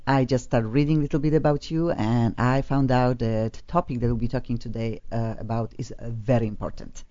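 A low-pitched woman speaks English with a foreign accent as she hosts a radio talk show. She is chatty and effusive and rambles warmly between topics. The studio audio sounds dull and lo-fi. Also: fairly even intonation, brisk. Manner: chatty and effusive, laughs often.

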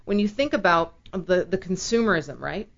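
Animated woman chatting, lo-fi sound. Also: lowish voice, normal speed, gravelly. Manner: animated, emphatic, checks in with "okay?". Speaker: podcast guest. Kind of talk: casual chat.

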